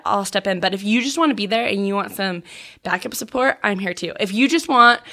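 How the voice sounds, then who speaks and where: A woman's voice: mid-range voice, vocal fry, a bit bright. A woman, a podcast host and audio biographer, chatting casually with friends about her work and often saying "like". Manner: chatty, uses fillers like "like", laughs at herself. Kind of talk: casual conversational interview.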